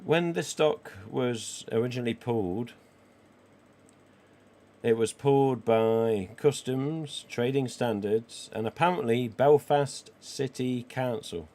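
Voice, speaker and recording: Croaky forty-something man. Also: mid-range voice, takes it slowly, warm tone. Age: 40s. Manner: chatty and cheeky, with casual swearing. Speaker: live stream host. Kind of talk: casual livestream chat reading viewer comments.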